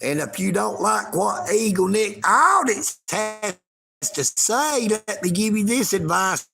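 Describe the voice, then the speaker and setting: Slow, gravelly man ranting. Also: high-pitched, lively intonation, bright, forceful tone. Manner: folksy, taunting, talks of himself in third person. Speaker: live streamer. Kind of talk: livestream rant.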